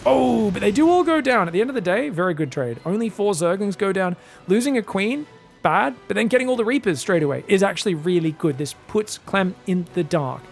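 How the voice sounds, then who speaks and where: Male esports caster, higher voice with gravel, excitable, talks straight to viewers. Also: a little fast, faint music behind. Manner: excitable, bursts into loud shouts at big plays; chatty, addresses viewers directly. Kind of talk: live game commentary.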